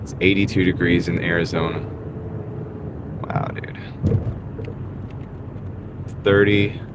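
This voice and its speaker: A man's voice: low voice, flat delivery, slow pace. A man hosting a casual live stream while driving, upbeat and thanking viewers by name, his voice tired and wearing out. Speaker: livestream host. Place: in a moving car. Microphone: wireless mini clip-on mic. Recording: car ride with clear road noise. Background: road and car noise.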